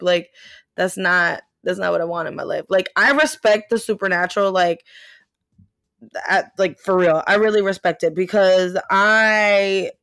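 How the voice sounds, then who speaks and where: Young woman, podcast co-host: loose, profane storyteller, mid pitch, dry studio sound. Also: a little slow, dry recording. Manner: animated, swears a lot, many fillers, laughs while telling. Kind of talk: casual chat storytelling.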